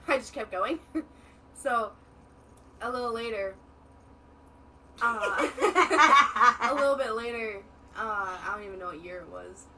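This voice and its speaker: A young adult woman co-hosting a casual chat, telling stories in an animated way and acting out what others said. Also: a little high, slow pace, long pauses, far from the mic, heavy background noise. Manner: animated storyteller who acts out quoted dialogue. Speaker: co-host, daughter of the host.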